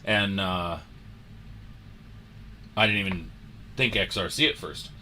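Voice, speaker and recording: Unhurried bright-voiced male show host. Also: sits low, a little hiss or hum. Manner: animated storyteller, re-enacts moments. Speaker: host of a sports card show. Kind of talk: casual storytelling on a livestream.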